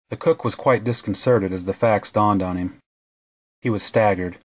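A man with a fairly low voice narrates a novel as an audiobook, keeping a steady, measured pace throughout.

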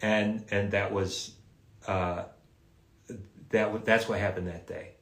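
A man's voice: fairly low pitch, fairly even intonation, fairly bright tone. Rambling man telling stories, roomy sound. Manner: rambling, halting, repeats words and restarts. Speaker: voice actor guest at an autograph livestream. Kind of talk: casual live Q&A storytelling. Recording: roomy echo.

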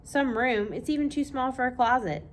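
A woman voicing a sharp-tongued, defiant young girl who talks bluntly. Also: high voice, animated, moderate pace, slight background noise, voice pushed up. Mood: snappy. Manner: snappy, blunt.

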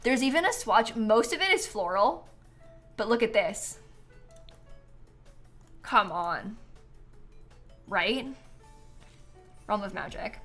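A woman's voice: medium pitch, lively intonation, slow, pauses often, fairly bright tone, soft background music. A woman chatting casually to viewers on a live game stream, bubbly and giggly, a bit tired and yawning.

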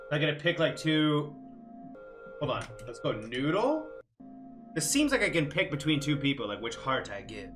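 A young man streaming a game, reading its text aloud and reacting with casual, joking commentary. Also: on the high side. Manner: animated, jokey, swears casually.

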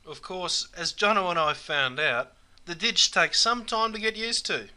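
An Australian man with a very bright, forward voice hosts a comedy explainer. He talks in broad slang and drops "mate" into nearly every sentence. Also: high voice, animated, a little slow, hardly any pauses, a little hiss or hum. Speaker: host. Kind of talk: comic explainer sketch.

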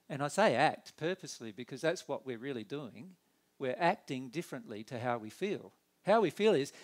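A man giving a conversational spiritual talk, animated and acting out inner dialogue in quick put-on voices. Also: mid-range voice. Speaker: spiritual teacher.

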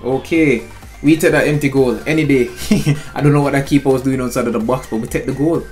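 A young man, excitably commentating his own football gameplay in a slangy, chatty way, talking straight at the screen. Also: mid-range voice, brisk, soft background music. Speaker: gaming channel host.

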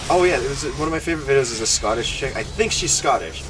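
A man's voice: medium pitch, lively intonation, quick pace, far from the mic, background noise. A man co-hosting a gameplay podcast, talking casually in a rambling, jokey way full of fillers. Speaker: gaming podcast co-host.

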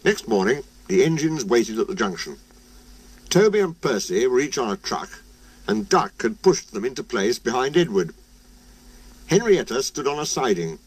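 A man reading a children's storybook aloud in a plain, steady way. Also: medium pitch, moderate pace, husky. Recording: music playing behind.

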